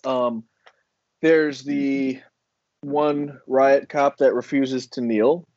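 A man co-hosting a podcast in casual chat, jokey and animated, acting out what others said. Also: mid-range voice, drawn-out words, dry recording, lo-fi sound. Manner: jokey, animated retelling with acted-out quotes. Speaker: podcast co-host.

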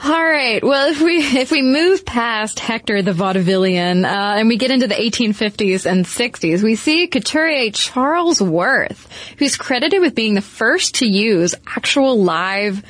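A woman's voice: on the high side, animated, a little slow, a bit bright, no echo. A woman co-hosting a casual history podcast, explaining with wry, teasing asides. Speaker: podcast co-host. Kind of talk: casual conversational history chat.

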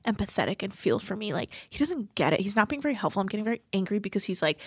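A woman's voice: mid-range voice, expressive, racing, few pauses, husky, no echo, studio quality. A woman casually recapping a TV show with a co-host, laughing often and acting out quotes in playful voices. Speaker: podcast co-host.

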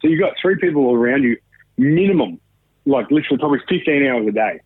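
A man tells his story as a guest in loose, profane chat, often slipping into what others said. His voice comes through husky and thin, like over a phone line. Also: mid-range voice, animated, fast, no room sound. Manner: swears often, acts out quoted dialogue. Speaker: podcast guest. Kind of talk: casual storytelling interview.

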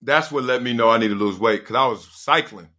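A middle-aged man hosting a casual solo podcast, telling stories in a slangy, animated way and laughing often. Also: mid-range voice, a little fast. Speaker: podcast host.

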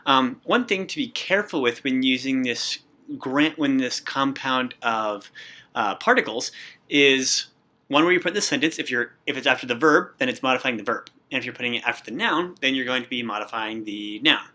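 Man, podcast host, bright tone, energetic, explains step by step, language lesson. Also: medium pitch. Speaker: podcast host and Japanese teacher.

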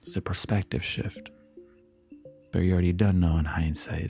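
A man giving a calm, reflective motivational talk, repeating affirmations and sometimes dropping into a soft whisper. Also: deep voice, normal speed, gravelly, faint music behind. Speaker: motivational speaker.

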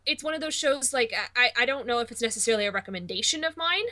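A woman's voice: a little high, expressive, very fast, pushed and bright. A woman on a podcast chatting casually and enthusiastically, often repeating words. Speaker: podcast co-host. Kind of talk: casual chat.

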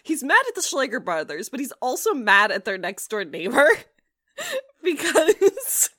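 A woman chatting casually on a podcast, retelling a novel's plot scene by scene. Her voice sits a touch high and swings widely in pitch. She giggles through the story and slips into brief character voices. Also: very animated, unhurried, fairly bright tone. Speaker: podcast co-host. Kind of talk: casual book-recap chat.

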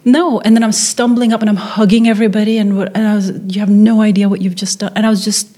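A Norwegian filmmaker of middle age is an animated storyteller in her interview, acting out quoted voices as she goes. She has a mid-range voice and talks fast.

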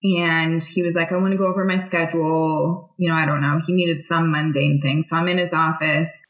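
Speaking at a moderate pace in a low-pitched, level voice, a young woman who served in the military candidly shares her personal story. She talks conversationally with lots of fillers, recorded in an echoey room.

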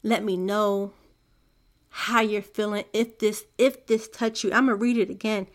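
With a steady, mid-range voice and a measured pace, a mother hosts a faith podcast. She is young adult to middle-aged and addresses listeners in a soft-spoken monologue that feels earnest and confiding.

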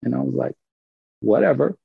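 A man from Brooklyn, telling a story in casual, animated talk and acting out the other people's lines. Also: mid-range voice, normal speed, gravelly, slightly rough, dry recording, narrow, tinny audio. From Brooklyn, New York. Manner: animated, acts out quoted dialogue, swears freely.

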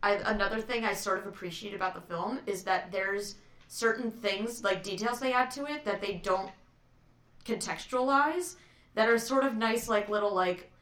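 Woman, podcast co-host, chatty storyteller, mid-pitched, roomy echo. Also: moderate pace, fairly bright tone. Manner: chatty, anecdotal, laughs easily. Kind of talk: casual chat.

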